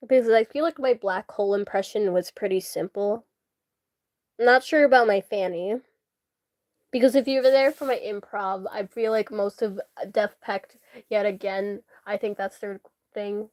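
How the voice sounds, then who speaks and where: A woman's voice: medium pitch, steady tone, normal speed, a little mellow, no room sound, clean studio sound. A woman who is sick and sniffling, chatting casually and giggling while she shows her drawings. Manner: giggly, laughs often, self-mocking. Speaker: artist showing her drawings.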